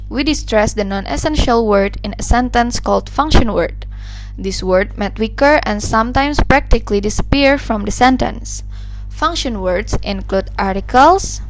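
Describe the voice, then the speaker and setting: Slow-reading young woman student. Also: fairly high pitch, rough recording. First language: Indonesian. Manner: careful, slow reading with drawn-out example words. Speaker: student presenter. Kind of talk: read-aloud class presentation.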